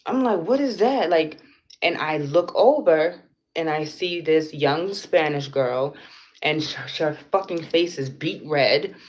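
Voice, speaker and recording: A woman's voice: deep voice, slow. A young woman on a livestream telling a story from her day, blunt and profane, with lots of fillers. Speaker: vlogger. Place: indoors at home. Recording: slightly dull lo-fi sound with faint noise.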